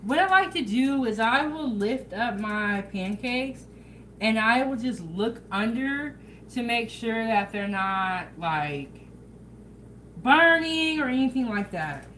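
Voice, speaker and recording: A woman hosting a casual home cooking vlog, chatting in a relaxed way and talking straight to her viewers. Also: a little high, slow, a little hiss or hum, rough recording. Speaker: home cooking show host. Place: home kitchen.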